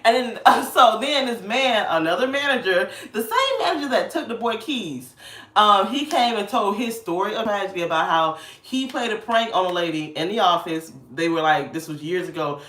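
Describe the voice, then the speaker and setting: Animated, laughing woman storyteller. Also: medium pitch, normal speed. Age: 30s. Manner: animated, laughing often while she talks. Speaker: vlogger. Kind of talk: casual storytelling. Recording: roomy sound from a distance.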